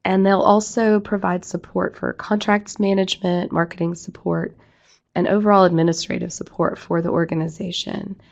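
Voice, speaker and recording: Hoarse, croaky woman with a gravelly voice. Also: lowish voice, level tone, moderate pace, lo-fi sound. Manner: apologetic, businesslike, with fillers. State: hoarse, losing her voice. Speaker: executive director giving an update. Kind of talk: online presentation.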